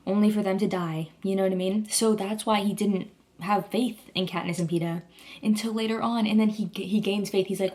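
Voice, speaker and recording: A woman's voice: mid-range voice, steady tone, moderate pace, a little mellow. A young woman vlogger rambling in a casual, gushing chat, full of "like" and restarts. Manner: gushing, rambling, heavy use of "like".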